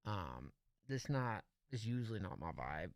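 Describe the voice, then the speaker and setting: A man's voice: on the low side, big pitch swings, unhurried, dry recording, clean studio sound. A man reacting to listener songs on a stream, talking in laid-back slangy banter and calling people dog. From California. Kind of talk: casual stream commentary.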